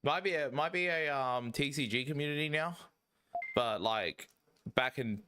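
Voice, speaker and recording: A man, chatting casually while streaming a speedrun, rambling and excitable with lots of swearing and fillers. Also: medium pitch, normal speed, clean tone. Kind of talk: casual chat while playing. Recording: game music playing behind. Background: video game music.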